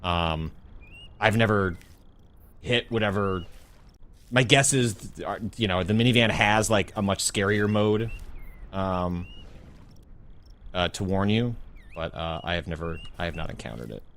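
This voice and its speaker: A man's voice: low voice, unhurried, pauses often, fairly bright tone, a little hiss or hum. A man, a podcast co-host, talking in a rambling casual way with many fillers and restarts. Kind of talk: casual chat.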